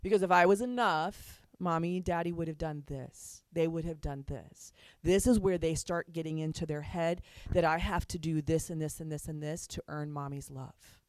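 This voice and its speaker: A woman's voice: sits low, normal speed, few pauses, dry recording, studio quality. A woman counselor giving a chatty talk on parenting to an audience, laughing often as she makes her points.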